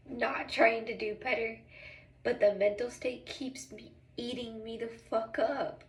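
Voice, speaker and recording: A woman's voice: a little high, fairly even intonation, moderate pace, far from the mic. A woman who is a mother, rambling through an emotional confessional vlog in casual slang, close to tears. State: tearful and emotional. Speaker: vlogger, mother. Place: small bathroom. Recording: echoey bathroom, voice off-mic.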